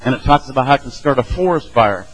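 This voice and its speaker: A man's voice: mid-range voice, expressive, fast, slightly rough, poor audio. Chatty middle-aged man teaching scripture. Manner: conversational, acts out quoted voices. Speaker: Bible study teacher. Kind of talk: casual Bible teaching.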